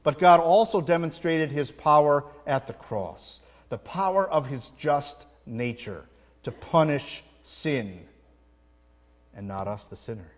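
A man's voice: fairly high pitch, animated, takes it slowly, big-room sound. A man preaching a sermon with earnest emphasis, telling a story to make his point. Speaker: pastor.

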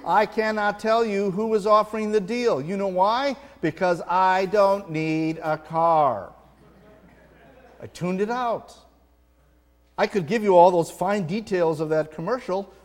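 A man's voice: sits high, moderate pace. Man preaching in a long-echo hall. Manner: earnest preaching with an anecdote, rising for emphasis. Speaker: pastor. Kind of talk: sermon.

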